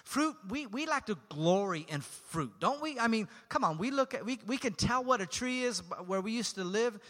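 A man's voice: high-pitched, animated, normal speed, bright, forceful tone. A man preaching a sermon as pastor, talking conversationally and joking with his congregation. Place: church sanctuary. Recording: long hall reverb.

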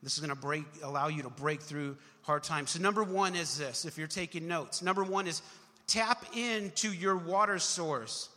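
A young adult male pastor preaching a sermon with emphatic swells, sometimes dropping low and then rising to shouts. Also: moderate pace. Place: church hall. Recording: long hall reverb.

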